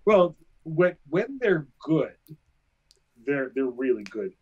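Animated husky-voiced male storyteller. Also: on the high side, slow pace, phone-quality sound. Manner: animated, self-mocking anecdotes. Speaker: guest. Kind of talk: casual interview storytelling.

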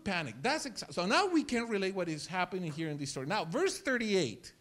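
A male pastor preaching a sermon in church, telling stories with lively acted-out scenes and repeating words as he gets excited. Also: high-pitched, a little fast. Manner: animated storytelling, acts out scenes.

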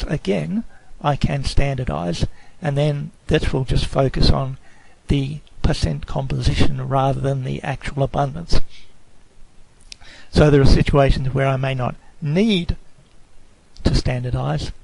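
A man giving a screencast tutorial on a statistics program, explaining slowly and carefully, sometimes correcting himself mid-sentence. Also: mid-range voice, creaky, darkish tone, no echo, poor audio. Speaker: lecturer.

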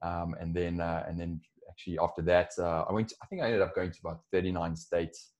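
A man with a South African accent and a notably low voice, speaking as a guest on an interview podcast. He talks in a loose, conversational way, often restarting his sentences and leaning on fillers. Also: flat delivery, fast talker, darkish tone. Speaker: podcast guest, software co-founder. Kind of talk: casual interview.

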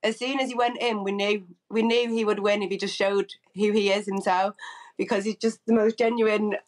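A woman on a live TV link, talking excitedly and proudly in long run-on praise. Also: mid-range voice, normal speed, rough recording. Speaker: guest's fiancee. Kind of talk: live TV interview.

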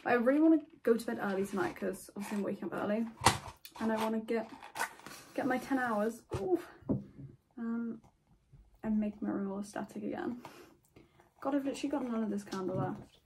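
A teenage girl chatting excitedly in a casual vlog from her bedroom. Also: on the high side, brisk, pauses often, noisy background. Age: teens. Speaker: vlogger. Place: bedroom at home.

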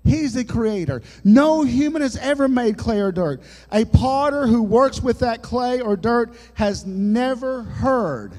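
Male pastor, high voice, unhurried folksy sermon, church echo. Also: a little mellow. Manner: folksy preaching with jokes and sudden dramatic drops in volume. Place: church sanctuary. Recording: long church hall reverb.

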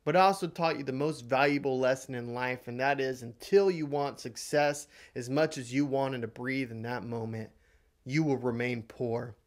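Man telling a story as a gruff older rich mentor, blunt, commanding, mid-pitched. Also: fairly even intonation, normal speed, natural voice. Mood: solemn.

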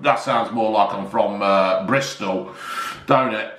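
A man's voice: lowish voice, slow pace, a bit bright. A middle-aged man casually reviewing a drink, rambling and joking, calling his viewers folks. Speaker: product reviewer. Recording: echoey room.

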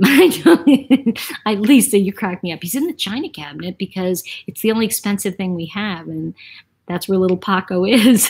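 Woman, casual livestream chat, lowish pitch, husky tone, rambling, laughs easily. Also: darkish tone, low-quality recording. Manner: chatty, rambling, laughs often. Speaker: livestream host reading viewer comments. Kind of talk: casual live-stream chat.

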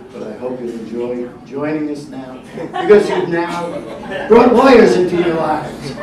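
A man doing a stand-up comedy set on a club stage, telling stories with wry timing. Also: on the high side. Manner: wry storytelling with punchline pauses. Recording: echoey room from a distance, noisy.

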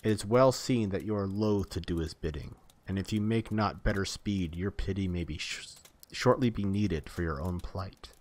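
A man's voice: sits low, moderate pace, a little mellow, lightly acted. Kratos, a man voicing a fierce taunting god. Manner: harsh, taunting commands. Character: fierce pitiless male god enforcer, taunting.

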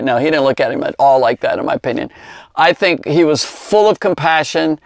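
A man teaching a Bible story to kids in a rambling, conversational way, full of fillers and asides, slowing down to stress key words. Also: on the high side, vocal fry, no echo, clean studio sound. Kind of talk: informal Bible lesson for children.

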